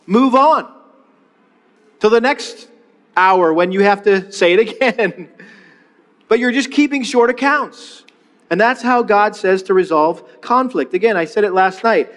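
Pastor, male, middle-aged: a high, talky sermon voice full of restarts and call-and-response, recorded in a big reverberant sanctuary. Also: a little slow, fairly bright tone. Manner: leads the congregation in call-and-response repetition; conversational, with frequent restarts and rhetorical questions. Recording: long reverb of a large hall.

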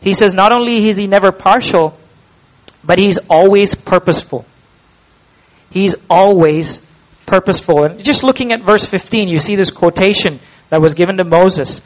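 A man from India, preaching an expository sermon, emphatic, slowing down to stress key words and asking the listeners rhetorical questions. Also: high voice, low-quality recording.

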